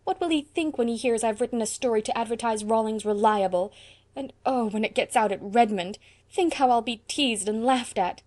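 A woman's voice: a little high, normal speed, a little mellow, close to an everyday voice. A woman voicing an idealistic, dramatic eighteen-year-old college girl in an audiobook, speaking with tragic passion. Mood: anguished. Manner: impassioned, tragic.

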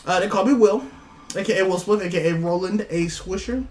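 High-voiced man trading joke nicknames. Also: brisk, a little mellow. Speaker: podcast co-host. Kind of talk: casual chat.

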